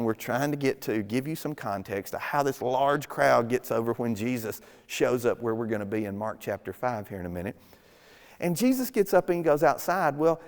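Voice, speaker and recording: A man preaching a sermon as pastor, retelling scenes casually and acting out the characters' lines. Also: medium pitch. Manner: casual storytelling with acted-out quotes. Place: church sanctuary. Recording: long hall reverb.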